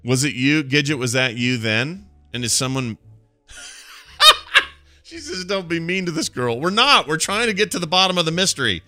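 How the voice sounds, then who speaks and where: Bright, lively podcast host. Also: male voice, fairly high pitch, brisk, few pauses, no echo. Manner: excitable, laughs often. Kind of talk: casual chat.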